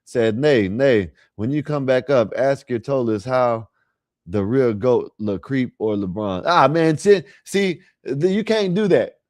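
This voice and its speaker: A man's voice: medium pitch, lively intonation, unhurried, darkish tone, dry recording, studio quality. A man hosting a livestream, rambling casually and talking straight to his viewers. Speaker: livestream host.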